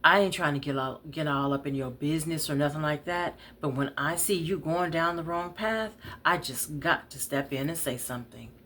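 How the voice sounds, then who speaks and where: A woman voicing a loud, blunt woman friend who scolds in a high, brassy voice. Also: moderate pace, few pauses, a little hiss or hum. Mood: scolding.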